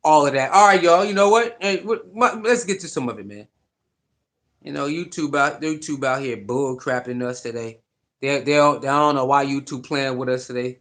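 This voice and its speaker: A man hosting a casual sports livestream, talking in an animated, repetitive, slangy way and greeting viewers in the chat by name. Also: medium pitch, normal speed.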